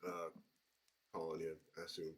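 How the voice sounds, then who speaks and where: A man with a very deep, husky voice speaks as a player at a tabletop game. He is halting and unsure and often trails off mid-thought. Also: completely flat delivery. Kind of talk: casual chat while playing a tabletop game.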